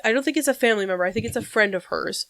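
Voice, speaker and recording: A woman co-hosting a podcast in casual chat, talking in a rambling way with frequent pauses. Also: fairly high pitch, gravelly, fairly bright tone, no echo. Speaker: podcast co-host.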